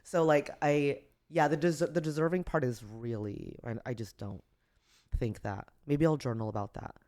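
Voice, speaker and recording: A woman's voice: a bass voice, moderate pace, a little mellow. A woman comedian chatting on a podcast as a guest, rambling with lots of fillers and poking fun at herself. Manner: chatty, many "like" fillers, self-deprecating. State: tearful. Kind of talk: casual podcast chat.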